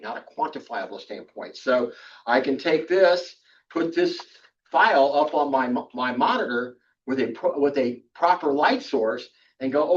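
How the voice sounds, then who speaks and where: A man's voice: mid-range voice, moderate pace. An older man giving a casual workshop lecture on photography, chatty and rambling with frequent restarts and fillers. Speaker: photography instructor. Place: club meeting room. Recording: distant, dull room recording.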